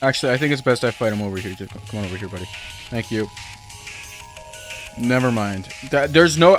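A man's voice: mid-range voice, animated, fairly quick, pauses often, fairly bright tone, faint music behind. A young man giving casual, rambling, jokey commentary while playing a video game. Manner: rambling, jokey, self-mocking. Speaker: gaming video creator.

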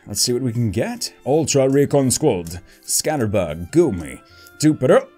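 A man giving casual card-opening commentary, listing card names in a low mutter and breaking into excited outbursts and jokey asides. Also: unhurried, soft background music. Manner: jokey asides about the cards. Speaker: YouTuber opening trading card packs.

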